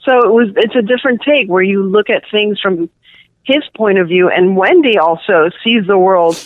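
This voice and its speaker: A middle-aged woman speaks at medium pitch and normal speed, with no room sound, over a tinny phone line. She has a Cuban New Yorker accent and chats loosely as a guest author in a casual interview, rambling with lots of fillers.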